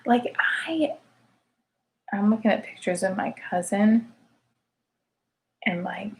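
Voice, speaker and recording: A woman in her thirties hosts a late-night livestream and chats casually with her viewers. She sounds tired but keeps talking, joking at her own expense, and her voice sits at an ordinary middle pitch. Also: slow, darkish tone. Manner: chatty, self-deprecating, tired. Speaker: show host.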